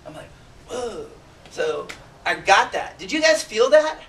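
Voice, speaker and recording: A man in his forties, a chiropractor giving an emotional, animated motivational talk to a seminar audience, asking them direct questions. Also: sits high, moderate pace, a little hiss or hum. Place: seminar room. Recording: roomy sound from a distant mic.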